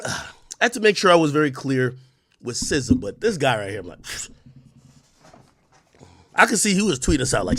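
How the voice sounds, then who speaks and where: Animated man ranting with mocking scorn. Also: medium pitch, brisk, long pauses. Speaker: livestreamer. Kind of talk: heated stream rant.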